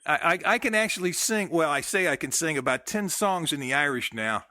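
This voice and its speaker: A man's voice: a little high, animated, pushed and bright, no room sound, clean studio sound. A middle-aged American man hosting a radio show, talking casually with frequent fillers and restarts. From United States. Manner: halting, with many fillers and restarts. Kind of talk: casual phone interview and show sign-off.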